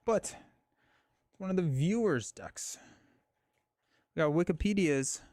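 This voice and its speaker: A man's voice: on the high side, animated, a little slow, a little mellow, dry recording, studio quality. A man hosting a live stream, chatting casually and thinking aloud, with frequent fillers and restarts.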